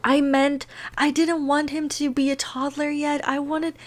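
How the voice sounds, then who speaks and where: A young woman giving casual, giggly commentary while playing a life-sim game, chatty and excitable. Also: sits high, unhurried. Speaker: gaming video creator. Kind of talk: casual let's-play commentary.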